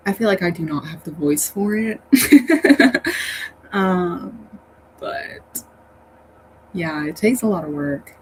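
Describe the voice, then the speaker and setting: A woman's voice: fairly low pitch, expressive, slow, pauses often, darkish tone, low-quality recording. A woman hosting a casual livestream, chatting with her viewers in a rambling way and laughing often. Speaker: livestream host reading chat. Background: faint fan hum.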